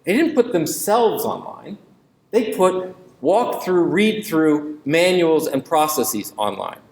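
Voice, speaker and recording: A man's voice: a little high, sing-song, slow. Emphatic male lecturer in an echoey hall. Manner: emphatic, rhetorical questions, ironic asides. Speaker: invited university lecturer. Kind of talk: public lecture.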